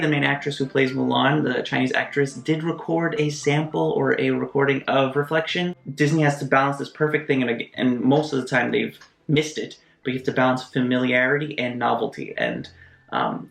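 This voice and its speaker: A man giving a casual video essay review of a film, animated, with quick asides and mock voices. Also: medium pitch, creaky. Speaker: movie reviewer. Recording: roomy echo, faint music behind.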